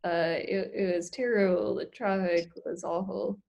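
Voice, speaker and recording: Deadpan ventriloquist alligator puppet, low-key and slow, played by a woman. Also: creaky. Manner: deadpan, flat and hesitant.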